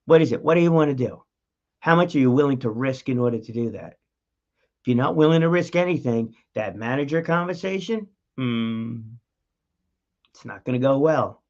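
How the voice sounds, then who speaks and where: A man's voice: medium pitch, lively intonation, moderate pace, highs cut off. A man hosting a talk show, giving an emphatic motivational monologue straight to the listener in a coaching tone. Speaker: podcast host.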